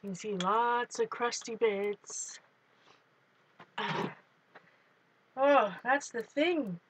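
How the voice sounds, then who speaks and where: A woman with a slightly raised pitch chats casually through a live crafting stream. She talks loosely as she works, greets viewers by name and makes small jokes at her own expense. A faint hum of room noise sits behind her. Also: extremely slow. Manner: chatty, self-deprecating, greets viewers by name. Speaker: art journaling livestream host.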